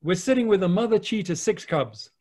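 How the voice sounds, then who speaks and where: High-voiced English man telling stories. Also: a little fast. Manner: lively, expressive storyteller, mild swearing. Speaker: wildlife photographer guest. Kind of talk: anecdotal storytelling.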